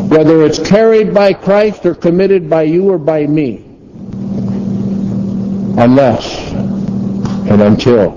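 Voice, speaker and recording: A man preaching with a slightly raised voice, hammering his points home with rhetorical questions. The sound is dull and lo-fi, with steady noise underneath. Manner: emphatic, rhetorical questions, swings between low and high. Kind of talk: sermon.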